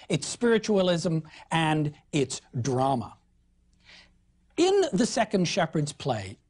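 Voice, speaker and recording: A woman lecturing on literature in an animated, expressive way, with emphatic stresses. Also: on the low side, breathy edge. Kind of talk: recorded lecture.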